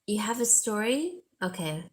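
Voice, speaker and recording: With a medium-pitched voice full of big pitch swings, a woman hosts a live sale stream at a measured pace. She chats loosely, reads viewer comments, restarts sentences and leans on fillers, gushing and repeating herself for emphasis.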